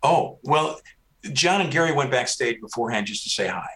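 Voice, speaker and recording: A man's voice: mid-range voice, lively intonation, moderate pace, a bit bright. A man hosting a casual interview, chatting with many hesitant restarts. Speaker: host, band author.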